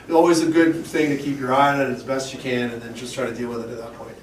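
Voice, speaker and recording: A man's voice: mid-range voice, little pitch movement, fast. A man who shucks oysters, giving a rambling, jokey hands-on talk to shop staff and acting out little quotes as he goes. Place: fish shop, indoors. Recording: roomy, distant camera, faint hum.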